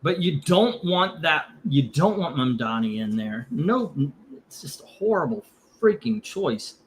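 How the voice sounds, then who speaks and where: A man hosts a loose, chatty comic book auction, his voice sitting a bit on the high side. He rambles and swears between calling out lots and bids. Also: a little slow. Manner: rambling, cursing, gets heated over politics then calms down. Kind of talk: casual live auction stream.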